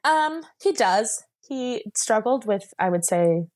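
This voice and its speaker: A woman's voice: fairly high pitch, expressive, slow, darkish tone. A young woman telling her own story in a casual, rambling way, leaning often on "like" and laughing as she talks. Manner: rambling, heavy use of "like", laughs while telling. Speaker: guest sharing her story.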